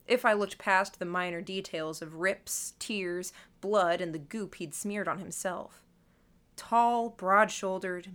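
A woman's voice: mid-range voice, a bit bright. Woman narrating an audiobook wryly. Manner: measured, wry, observant. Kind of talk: first-person audiobook narration.

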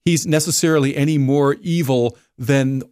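Halting, digressive male guest. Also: mid-range voice, steady tone, a little mellow, smooth, no room sound, studio quality. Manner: digressive, halting with repeated words. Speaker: guest editor. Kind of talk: casual discussion.

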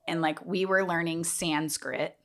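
A woman's voice: lowish voice, fairly even intonation, a little slow, fairly bright tone. A young woman, a yoga trainer, telling her story candidly as a podcast guest, rambling with lots of fillers. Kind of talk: casual interview storytelling.

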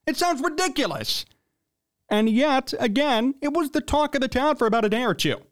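Young male sports host, blunt and riled up, higher voice. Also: brisk. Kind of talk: opinionated sports commentary.

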